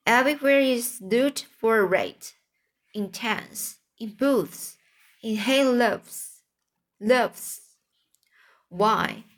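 A woman's voice: on the high side, drawn-out words, long pauses. A woman voicing a knowing old sheep, persuasively listing treats in a storybook reading.

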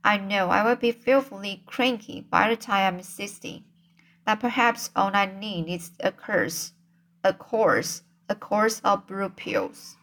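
A woman's voice: mid-range voice, expressive, fairly bright tone. A woman reading as Miss Lavendar, wistful and dreamy. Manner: slow, wistful reading with slips and restarts. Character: wistful lonely older woman, gentle and dreamy.

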